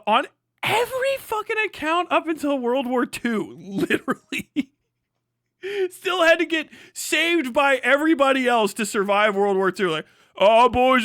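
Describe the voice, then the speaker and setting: A man with a high, bright voice rants mockingly through a livestream reaction. He swears freely and chuckles between his jabs. The sound is close and dry. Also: dry recording. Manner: profane mocking rant, laughing between jabs. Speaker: streamer.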